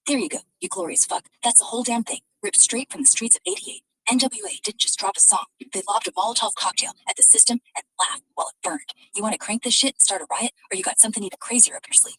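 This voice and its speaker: A foul-mouthed female AI voice rants in wild, vulgar bursts from a device in a car. Her tone sits a little high and has a husky, breathy edge. The sound is close and dry. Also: expressive, fast, few pauses, a bit bright, no room sound, poor audio. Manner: crude, gleefully vulgar, over-the-top. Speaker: AI voice assistant. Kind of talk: unhinged profane banter.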